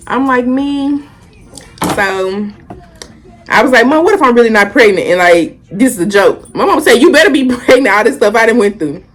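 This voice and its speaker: A young woman, telling a casual storytime and animatedly acting out the quotes. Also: mid-range voice. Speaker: vlogger.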